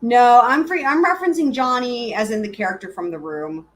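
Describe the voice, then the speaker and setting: A woman's voice: on the high side, brisk. A woman hosting a live stream, chatting casually and giggling as she answers her viewers.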